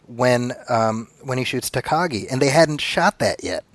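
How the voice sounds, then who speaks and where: A man hosting a film podcast, telling behind-the-scenes stories in a chatty way with quick asides. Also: medium pitch, animated, no echo. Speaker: podcast host. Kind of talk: casual podcast commentary.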